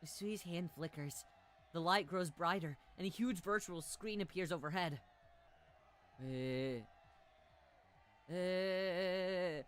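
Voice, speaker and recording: A woman streamer reading a visual novel aloud in first person. She breaks into loud shrieks and repeated cries, and she swears and jokes casually between lines. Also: on the low side, normal speed, faint music behind.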